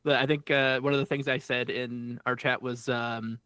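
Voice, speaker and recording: A man's voice: medium pitch, level tone, normal speed, bright, forceful tone, clean tone, no echo, studio quality. A man co-hosting a podcast, chatting casually with a rambling, jokey manner. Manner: rambling, many fillers, jokey. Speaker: podcast co-host. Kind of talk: casual recap chat.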